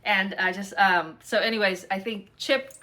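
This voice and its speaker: A woman's voice: mid-range voice, steady tone, normal speed, sharp tone. A woman hosting a casual chat at home, talking in a rambling, chatty way with many fillers. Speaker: host.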